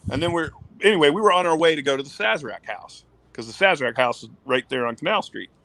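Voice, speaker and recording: A man's voice: fairly high pitch, quick pace, gravelly, no echo, rough recording. A man in his thirties, a former ballplayer, telling a casual story with lots of swearing, acting out the lines of the people in it. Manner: animated, swearing, acts out quotes. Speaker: guest, former pitcher.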